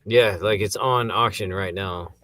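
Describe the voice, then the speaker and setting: A man's voice: lowish voice, a little slow, a bit bright, dry recording, soft background music. A man co-hosting a casual movie review podcast, joking and laughing through loose banter. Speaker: podcast co-host.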